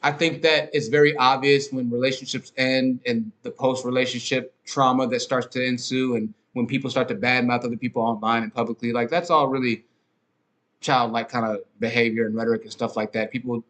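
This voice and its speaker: A man's voice: medium pitch, fairly even intonation, brisk, a bit bright. Rambling, profane male podcast host. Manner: rambling, profane, many fillers and restarts. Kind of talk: casual monologue, ranting.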